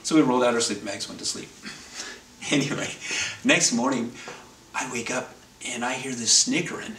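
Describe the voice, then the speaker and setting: A man's voice: medium pitch, normal speed, sharp tone. A man telling a rambling, wry anecdote in a casual way, often correcting himself as he goes. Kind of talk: casual anecdote told to camera. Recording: roomy, distant, faint background noise.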